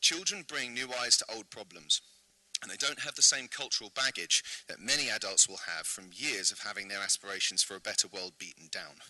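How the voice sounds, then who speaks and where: An earnest man from the UK delivers a prepared presentation with rhetorical questions. His voice is very bright and crisp. The sound is dry and close. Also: lowish voice, animated, brisk, dry recording, poor audio. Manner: earnest, rhetorical, clears throat often. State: slightly out of breath. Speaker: invited speaker. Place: event venue.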